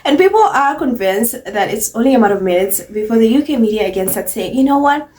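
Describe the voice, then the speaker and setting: A woman with a slightly high voice hosts a celebrity gossip commentary. She talks in a mocking, conversational way and hammers points home by repeating short phrases. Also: animated, fast talker, darkish tone, distant mic. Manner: mocking, repeats phrases for emphasis, often laughs. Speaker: commentary channel host.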